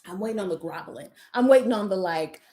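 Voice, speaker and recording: A woman's voice: mid-range voice, fast talker. A woman telling a story in casual chat, swearing freely and acting out what people said. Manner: animated, swears freely, acts out quoted lines.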